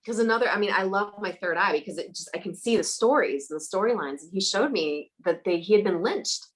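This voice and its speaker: A woman guest, a psychic medium, telling stories in a casual interview, animated and laughing often, acting out the voices of the people in her tales. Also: medium pitch, fairly quick, low-quality recording.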